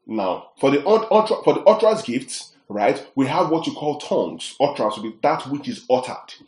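A man's voice: mid-range voice, big pitch swings, moderate pace, a little mellow. A man teaching a sermon, emphatic and often checking that his listeners follow. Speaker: preacher. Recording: echoey room.

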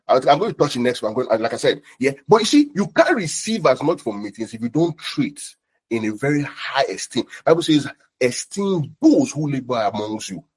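A young man preaching a sermon, animated and repeating his words as he goes. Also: mid-range voice, slightly rough. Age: young adult. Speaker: pastor.

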